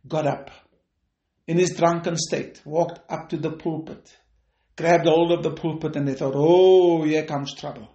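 Fervent gravelly male preacher. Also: a little high, roomy sound. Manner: fervent, repetitive preaching cadence with shouted peaks. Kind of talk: podcast sermon and prayer.

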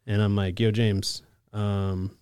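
A man from Alaska, a case manager, telling his recovery story in a relaxed, casual way, full of "like" and "bro" and quick laughs. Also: on the low side, smooth, no room sound, clean studio sound. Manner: laid-back, lots of "like" and "bro", laughs often. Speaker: podcast guest, case manager.

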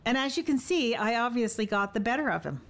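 A woman's voice: fairly high pitch, expressive, fast, voice pushed up. A woman reading as a fierce, teasing young warrior woman. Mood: sly. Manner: archaic, bold and playful. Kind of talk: audiobook dialogue.

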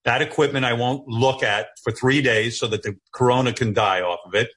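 A man hosting a talk show from his home office over a video call, asking quick prying questions and teasing his guest. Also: mid-range voice, fairly even intonation, a bit bright, breathy edge. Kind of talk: casual interview chat.

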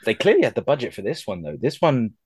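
A man's voice: mid-range voice, big pitch swings, fast talker, darkish tone, breathy edge, no room sound. A young man hosting a casual podcast, rambling with many ums and restarts, self-deprecating. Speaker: podcast host.

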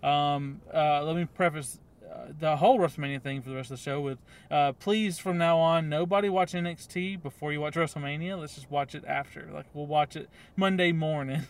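Podcast host dude rambling with ums, voice a bit on the high side. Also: male voice, fairly even intonation, brisk, clean tone. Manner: rambling, lots of ums and uhs, laughs often. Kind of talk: casual chat.

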